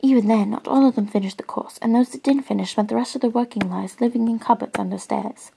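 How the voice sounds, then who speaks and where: Soft-spoken woman reading aloud, gravelly. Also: fairly high pitch, fairly even intonation, fast, a little hiss or hum, poor audio. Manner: soft-spoken, partly whispered, gentle asides. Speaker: ASMR reader.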